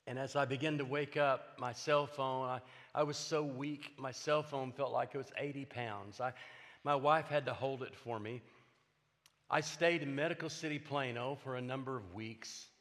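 Older pastor in a reverberant hall. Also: male voice, medium pitch, moderate pace, a bit bright. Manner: earnest, personal testimony with emphatic repetition. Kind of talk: sermon. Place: church sanctuary.

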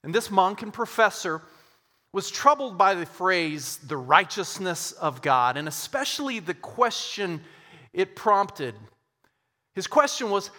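Man, sermon storytelling, slow deliberate pace, bright forceful tone, long hall reverb. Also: sits high, very animated.

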